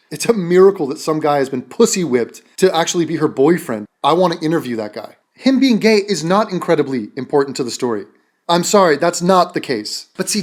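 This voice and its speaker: A man ranting sarcastically in a commentary video, swearing often and mocking his target. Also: a little high.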